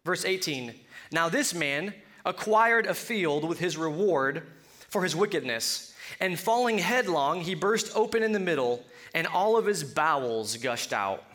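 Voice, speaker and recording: A man's voice: fairly high pitch, expressive, a little slow, fairly bright tone. A male pastor from Colorado preaching a sermon in a conversational, joking way, with humorous asides between scripture readings.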